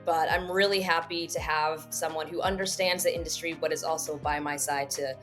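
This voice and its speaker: A woman's voice: low-pitched, steady tone, fairly quick, a bit bright, faint music behind. A woman voice actress answering interview questions in a casual, upbeat way and laughing often. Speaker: voice actress guest.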